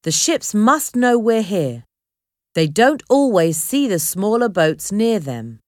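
Brief: calm middle-aged fishing captain, firm and steady, unhurried delivery, read by a woman narrator. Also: mid-range voice, no room sound, studio quality. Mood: urgent.

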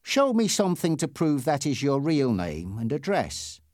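A heavy, red-faced motorcycle policeman, as a male narrator puts him on, with a slow, soft, sarcastic drawl that can snap into loud, high barking. The pitch swings widely through his lines, and the read is dry and close. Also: wildly swooping pitch, no echo. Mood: severe. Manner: soft sarcastic taunting that bursts into loud shouting. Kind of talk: audiobook character reading.

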